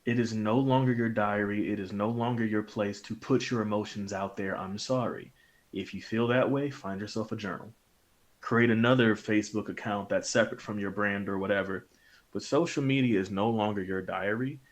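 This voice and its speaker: A man's voice: lowish voice, fairly even intonation, moderate pace. A man co-hosting a wrestling podcast, making emphatic points and repeating them for stress. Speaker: podcast co-host. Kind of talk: casual chat.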